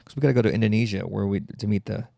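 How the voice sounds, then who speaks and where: A man's voice: lowish voice, very fast, creaky, dark tone, dry recording. A man hosting a solo comedy podcast, rambling and mocking in a sarcastic tone. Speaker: podcast host.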